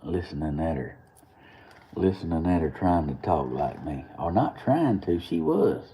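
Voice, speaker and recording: On his live morning show, a young Southern man from Georgia speaks in a deep, warm voice with lively intonation, a little slowly. There's a slight hiss or hum as he rambles casually through a story with lots of laughter.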